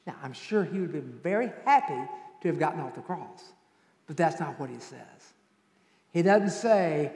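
A male pastor preaching a sermon and telling stories, building to loud emphasis at times. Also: a little high, animated, normal speed. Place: church sanctuary. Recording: echoey church hall with long reverb.

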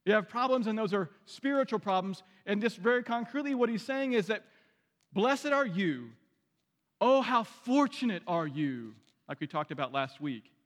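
High-voiced pastor preaching in a reverberant hall. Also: male voice, lively intonation, normal speed, fairly bright tone. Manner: conversational preaching with restarts and direct questions. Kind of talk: sermon.

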